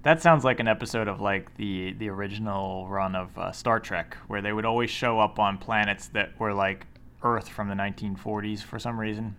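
A man's voice: lowish voice, steady tone, moderate pace, a bit bright, a little hiss or hum. A man co-hosting a casual podcast chat, teasing his partner and laughing along. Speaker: podcast co-host.

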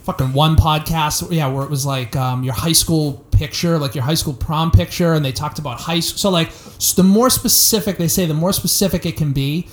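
A man's voice: fairly high pitch, normal speed, hardly any pauses. A man in his thirties, a stand-up comic, chatting on a podcast in a rambling, self-deprecating way and swearing a lot. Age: 30s. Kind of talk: casual podcast chat.

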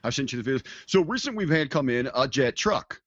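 A man's voice: medium pitch, animated, fast talker, fairly bright tone, dry recording, muffled recording. A man co-hosting a podcast, telling stories in casual chat with many fillers and restarts. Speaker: podcast co-host.

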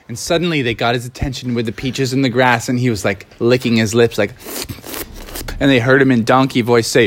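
A woman's voice: a bass voice, brisk. A woman improvising a playful, chatty story for children.

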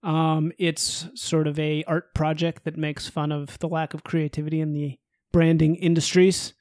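Profane, high-voiced podcast man. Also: little pitch movement, normal speed, a little mellow, no room sound, clean studio sound. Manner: profane, exasperated ranting. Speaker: podcast co-host. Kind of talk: casual podcast chat.

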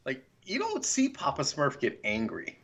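A man's voice: medium pitch, wildly swooping pitch, normal speed, gravelly, a bit bright, breathy edge. A man co-hosting a casual recap chat, joking and swearing. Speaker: podcast co-host.

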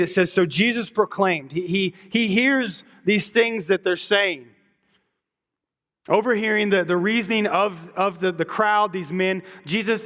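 High-voiced man preaching in a reverberant hall. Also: a bit bright. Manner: earnest, repeats words while building a point. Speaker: pastor. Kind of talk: sermon.

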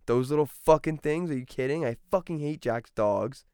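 A man's voice: a little high, moderate pace, mellow, clear, resonant tone, no room sound, clean studio sound. Profane laid-back young man. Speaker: podcast co-host. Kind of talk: casual chat.

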